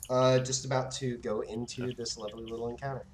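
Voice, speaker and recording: A man's voice: mid-range voice, little pitch movement, brisk, a loud crowd. A man running a tabletop game as game master, chatting casually and narrating, with frequent hesitations.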